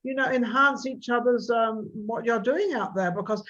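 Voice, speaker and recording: A woman's voice: on the high side, moderate pace, fairly bright tone. A woman hosting an interview talk show, encouraging her guests with affirming interjections. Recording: dull lo-fi audio.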